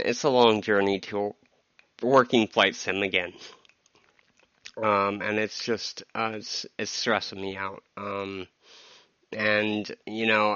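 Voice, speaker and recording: A man hosting a podcast, talking through a personal monologue in a halting way, with many ums and restarts, sounding stressed. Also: fairly low pitch, bright, forceful tone, clear, resonant tone, dry recording, muffled recording. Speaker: podcast host.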